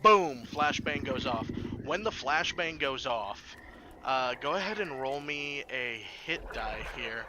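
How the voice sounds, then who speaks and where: A man's voice: medium pitch, expressive, measured pace, noisy background. A man narrating as game master of a tabletop game, hesitant, with many fillers.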